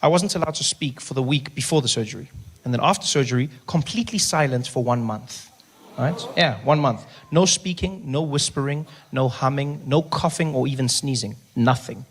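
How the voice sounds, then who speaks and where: A man, doing animated stand-up storytelling and jumping in and out of the voices of other people. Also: medium pitch, moderate pace. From South Africa. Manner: animated, acts out voices, drops to a hush for effect. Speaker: stand-up comedian.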